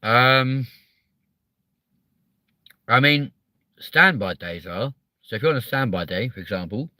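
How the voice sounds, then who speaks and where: A man's voice: mid-range voice, lively intonation, a little slow, pushed and bright, dry recording. A man hosting a live stream, chatting casually, reading out the chat and swearing freely between lots of ums.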